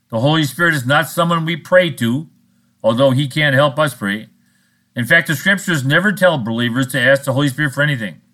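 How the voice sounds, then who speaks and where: A man's voice: a little high, bright, forceful tone. A man preaching a sermon in a blunt, scolding, sarcastic manner. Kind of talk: recorded sermon monologue.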